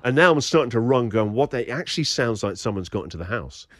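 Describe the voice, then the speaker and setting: A man's voice: medium pitch, quick pace, no echo, clean studio sound. A middle-aged man hosting a radio show, telling a story with lots of energy and frequent laughter. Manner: lively, laughs often while telling the story.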